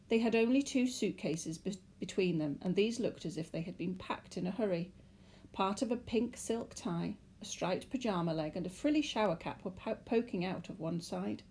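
A woman with a British accent reading a children's novel aloud in a lively, expressive storytelling way. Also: fairly low pitch, slightly rough.

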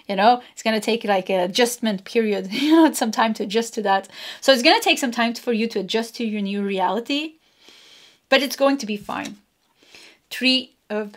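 Chatty woman giving a tarot reading. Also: fairly high pitch. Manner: chatty, laughs often, repeats phrases. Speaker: tarot reader. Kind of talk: casual pick-a-card tarot reading.

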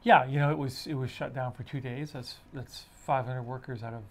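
Male podcast co-host, middle pitch, halting and full of restarts. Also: steady tone, slight background noise. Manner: halting, many fillers and restarts while building a point. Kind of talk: casual discussion podcast.

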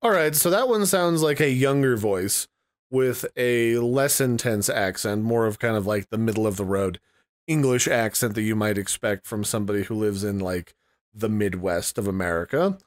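A man's voice: lowish voice, normal speed. A man hosting a casual tutorial, explaining in a rambling, conversational way and thinking aloud as he goes. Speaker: tutorial host. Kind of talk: casual screen-recorded tutorial.

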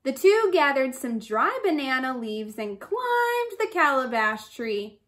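A woman's voice: sits high, big pitch swings, slow, a bit bright. A woman reading a folk tale aloud expressively, adding sound effects. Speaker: storyteller.

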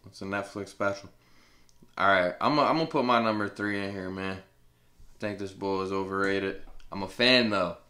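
A man's voice: sits low, normal speed, sharp tone. A man co-hosting a podcast, trading blunt, profane banter in casual chat. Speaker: podcast co-host. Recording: roomy echo.

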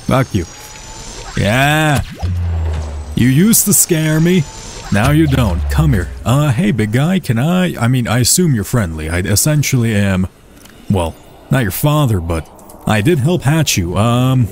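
A man's voice: medium pitch, sing-song, unhurried, a little mellow, faint music behind. A man giving casual, chatty commentary over his own gameplay, swearing freely and talking to the creatures on screen, from a desk mic. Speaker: let's play gamer.

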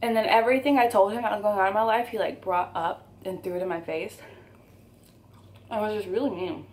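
A young woman in her twenties tells a story straight to the camera, candid and emphatic. Her pitch sits in an ordinary middle range. A faint room hum runs underneath. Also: fairly even intonation, brisk, darkish tone. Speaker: YouTuber. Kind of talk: storytime vlog while eating.

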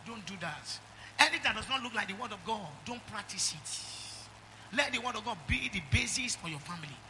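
A middle-aged Nigerian-accented man preaching a sermon in church, calling out to the congregation and swinging from loud exhortation to quiet asides. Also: sits high, a little hiss or hum. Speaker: pastor.

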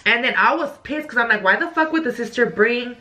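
A young woman vlogger telling a story casually, animated and profane, with lots of "like". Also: a little high, a little fast.

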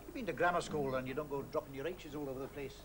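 A man's voice: mid-range voice, racing, lightly acted. An actor playing a teasing, well-read Scottish factory worker, a middle-aged man with a Scottish accent and an ironic way with words. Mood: wry. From Scotland. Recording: hissy old television broadcast.

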